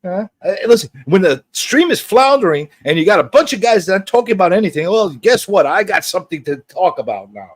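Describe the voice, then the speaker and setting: A man hosting a casual pop culture livestream, teasing his guest and chatting in an animated way. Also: brisk, hardly any pauses, no echo. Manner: animated and teasing, jumps between high and low.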